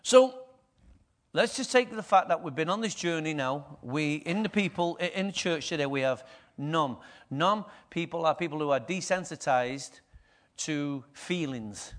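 A man's voice: on the high side, lively intonation, unhurried, fairly bright tone. A middle-aged man, preaching a conversational sermon and often asking the congregation questions. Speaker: pastor.

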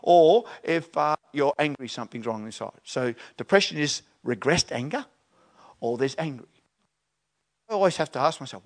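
Male pastor, slightly high voice, animated conversational sermon delivery. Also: moderate pace. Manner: animated, acts out voices and questions.

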